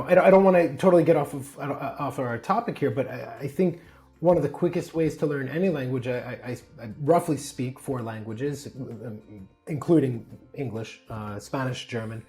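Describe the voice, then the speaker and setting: A man's voice: medium pitch, mellow. An American man chatting as an interview guest, rambling with many fillers and restarts. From United States. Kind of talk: casual interview chat.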